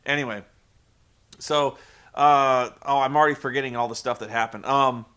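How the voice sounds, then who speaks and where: A man's voice: mid-range voice, fairly even intonation, moderate pace, pushed and bright, smooth. A man hosting a comedic wrestling review, ranting in a profane, stammering, exasperated way. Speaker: host reviewing a wrestling show.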